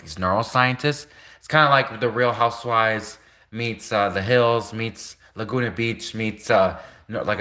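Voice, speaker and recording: A man's voice: mid-range voice, bright, forceful tone. A young man rambling through a casual livestream monologue, packing his talk with fillers and laughing often. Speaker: livestream host.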